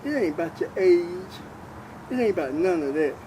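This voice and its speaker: Older man, high-pitched, earnest informal preacher; faint outdoor traffic behind. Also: expressive, normal speed, warm tone, rough recording. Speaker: preacher sharing faith. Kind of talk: informal spoken testimony.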